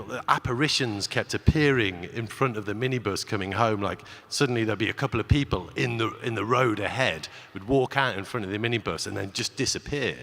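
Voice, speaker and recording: A man's voice: medium pitch, fairly bright tone. A man speaking on stage at a conference, telling a personal story in a chatty way with many restarts and acted-out quotes. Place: large conference hall. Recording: long reverb of a large hall.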